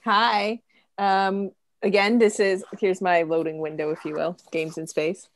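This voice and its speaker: A woman's voice: medium pitch, level tone, unhurried. Chatty young woman hosting a game stream. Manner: chatty, giggly, many fillers. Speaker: host. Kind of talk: casual chat, introducing a game stream.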